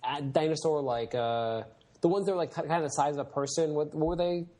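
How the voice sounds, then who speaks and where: A man's voice: on the high side, brisk, warm tone. A man co-hosting a podcast, chatting casually and rambling with lots of fillers. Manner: rambling, many fillers, acts out silly voices when retelling scenes. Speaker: podcast co-host. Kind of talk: casual chat.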